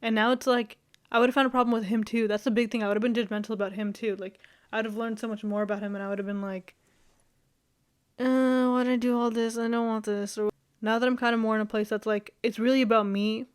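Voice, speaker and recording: A woman's voice: mid-range voice, little pitch movement, fast talker. A young woman vlogging in a loose, rambling chat, full of fillers, easy laughs and casual swearing.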